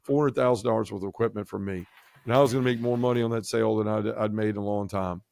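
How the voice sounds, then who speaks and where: A man's voice: fairly low pitch, fairly even intonation, quick pace, gravelly, a little mellow, no room sound. A man telling his personal faith testimony as a guest, vividly acting out what people said. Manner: vivid storyteller, acts out quoted speech.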